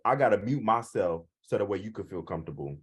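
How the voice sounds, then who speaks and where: A man's voice: on the low side, expressive, fast talker, husky. A man co-hosting a casual reality TV review chat over a video call, blunt and profane, retelling what the cast said. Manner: blunt and profane, retells quotes in the cast's voices. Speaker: co-host.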